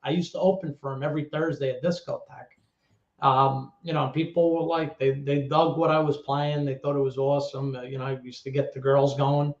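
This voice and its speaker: A man with a New York accent, a former club DJ telling stories as an interview guest, animated and swearing freely. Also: mid-range voice. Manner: animated, swearing storyteller with quick restarts. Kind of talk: casual storytelling interview. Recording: echoey room, dull lo-fi audio.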